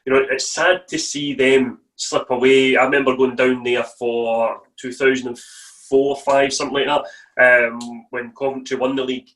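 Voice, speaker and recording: A man's voice: mid-range voice, flat delivery, moderate pace, a bit bright. A man hosting a live online chat, asking long, rambling questions in a conversational way. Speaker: host. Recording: voice heard from a distance off mic.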